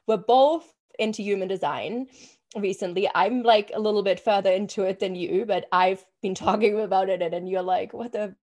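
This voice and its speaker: A young adult woman co-hosting a casual podcast as a business coach, energetic and swearing freely, with lots of "like" fillers. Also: medium pitch, normal speed.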